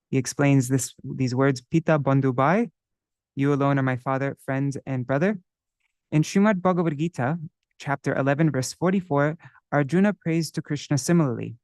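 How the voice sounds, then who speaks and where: A man's voice: mid-range voice, darkish tone, no room sound, studio quality. A man teaching a devotional song text in a live class, explaining words one by one and stopping to look them up in a dictionary. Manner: chants scripture verses slowly.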